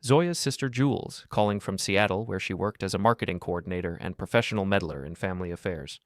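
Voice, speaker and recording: Man narrating, scripted first person, calm, cold, measured, lowish voice, dry close sound. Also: no echo.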